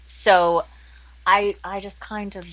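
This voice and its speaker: Bright, chatty woman guest, dry close-mic interview read. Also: medium pitch, little pitch movement, slow pace, dry recording, low-quality recording. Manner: bubbly, laughs often. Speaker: interview guest, model and impressionist. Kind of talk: casual interview chat.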